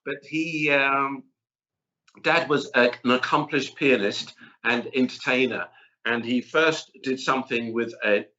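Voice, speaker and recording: A middle-aged man chatting as a chef guest in an interview, an animated, rambling storyteller. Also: medium pitch, measured pace. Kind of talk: casual interview chat. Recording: dull lo-fi audio.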